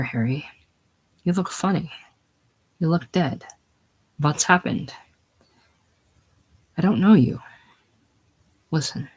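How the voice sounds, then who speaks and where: A man's voice: on the high side, poor audio. A man voicing a drunk, rambling male anarchist, giggling one moment and frightened the next, in a play reading.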